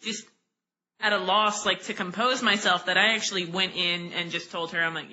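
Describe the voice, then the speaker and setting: A woman's voice: lowish voice, fairly quick, hardly any pauses, dull audio. A woman who works as a voice director, chatting casually on a podcast and acting out the lines she quotes. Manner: lively storyteller, acts out quotes.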